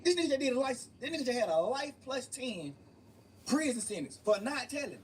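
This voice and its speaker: A man's voice: very high voice, sing-song, fairly quick. A young man being interviewed, telling his story emphatically and profanely, often repeating phrases. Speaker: interview guest. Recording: distant mic with faint room noise.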